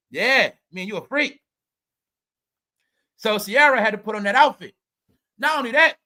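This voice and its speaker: A man hosting a casual celebrity gossip rant, swearing, laughing often and talking straight to his viewers. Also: sits high. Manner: loud, laughing, swearing, addresses viewers as y'all. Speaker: commentary host.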